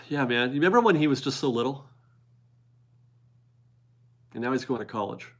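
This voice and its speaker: A man's voice: medium pitch, animated, normal speed. A man in his forties hosting a casual live stream from his garage, chatty and upbeat as he reads viewer donations aloud and laughs often. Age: 40s. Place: home garage.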